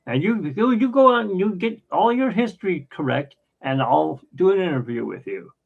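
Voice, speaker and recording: A brash old engineer, as a man puts him on, barks his demands in a voice pitched well above the teller's own, loud and pushy. The recording sounds dull and lo-fi. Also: sing-song, normal speed, vocal fry, heavily acted. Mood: demanding. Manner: barking, challenging. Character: brash elderly male engineer, gruff and demanding.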